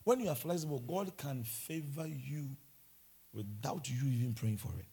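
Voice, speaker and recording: A man preaching a sermon, telling personal stories with lively, stammering restarts. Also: medium pitch, normal speed, vocal fry, breathy edge.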